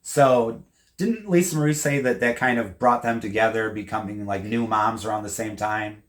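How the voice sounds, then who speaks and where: A man's voice: lowish voice, normal speed. A man co-hosting a casual book discussion, retelling scenes in a loose, conversational way that often trails off. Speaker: podcast co-host.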